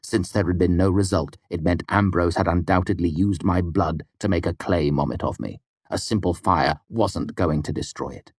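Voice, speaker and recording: Deep-voiced man narrating an audiobook. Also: normal speed, breathy edge, no room sound, clean studio sound. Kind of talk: first-person audiobook narration.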